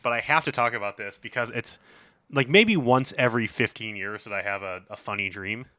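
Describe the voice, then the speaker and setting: A man in his forties co-hosting a board game podcast, rambling through a story with plenty of "like" and "you know". His voice is bright and sits in a middle pitch. The sound is close and dry. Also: brisk, dry recording. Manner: rambling storyteller with many fillers. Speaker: podcast co-host. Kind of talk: casual chat.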